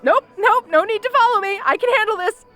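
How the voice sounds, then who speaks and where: A woman's voice: high voice, animated, unhurried, a bit bright, soft background music. A woman playing a flustered, stammering tough orc girl. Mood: nervous bravado. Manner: stammering, nervous laughter, insists she is fine. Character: flustered tough young orc woman, brash but anxious. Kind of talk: audio role-play.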